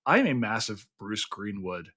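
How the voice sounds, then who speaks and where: A man's voice: lowish voice, big pitch swings, unhurried, sharp tone. A man from the American South hosting a podcast, chatting about film and history with lots of fillers and restarts. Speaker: podcast host. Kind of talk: casual film and history chat.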